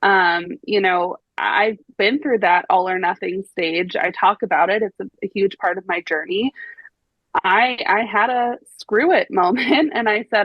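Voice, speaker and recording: A woman's voice: mid-range voice, measured pace, dry recording. A woman on a podcast, speaking candidly and reflectively about her own past, laughing easily. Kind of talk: conversational podcast chat. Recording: dull dry remote mic.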